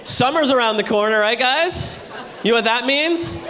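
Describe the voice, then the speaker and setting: A man doing a loud, punchy stand-up comedy set on a hotel ballroom stage, with a live audience audible. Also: extremely high pitch, moderate pace. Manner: loud, punchy delivery to a crowd.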